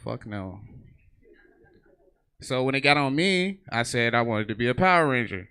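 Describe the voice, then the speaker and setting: A man performing stand-up on a comedy theater stage, spinning profane stories. His voice is bright and forceful at an ordinary middle pitch. He slips into short bursts of other people's voices while he tells them. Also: lively intonation, moderate pace, clear, resonant tone.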